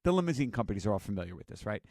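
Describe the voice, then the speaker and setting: A middle-aged man co-hosts a casual podcast and tells family stories with laughter breaking through. His pitch swings widely as he talks. The recording is dry and close. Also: rapid-fire, no echo. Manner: animated storyteller, laughs while telling. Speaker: podcast co-host. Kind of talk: casual chat, storytelling.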